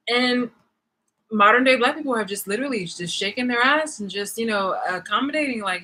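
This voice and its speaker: Woman on a sweary angry vlog rant, sarcastic, kinda raspy but bright voice. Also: on the high side, fairly quick, poor audio. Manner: profane, angry, sarcastic, with bursts of laughter. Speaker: vlogger.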